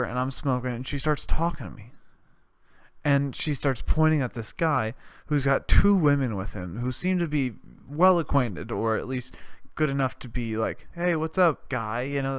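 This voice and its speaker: A man's voice: on the high side, moderate pace, smooth, no echo, studio quality. Rambling, profane young man telling stories. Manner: rambling, profane, animated retellings with restarts. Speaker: podcast host. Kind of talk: casual storytelling monologue.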